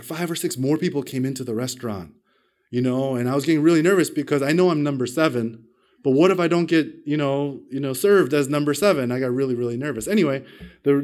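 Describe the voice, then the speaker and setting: Guy preaching, tells a story all animated, gets loud then drops way down, pokes fun at himself. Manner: animated storytelling, big swings in pitch and loudness; self-deprecating, asks the congregation questions. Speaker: pastor. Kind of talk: sermon with personal story.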